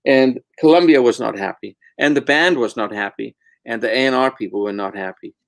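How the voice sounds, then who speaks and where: Middle-aged man, blunt storyteller, mid-pitched voice, dry close sound. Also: a little fast, vocal fry, fairly bright tone, dry recording. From South Africa. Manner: blunt, candid storyteller, swears freely. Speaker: guest, record producer. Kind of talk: casual interview chat.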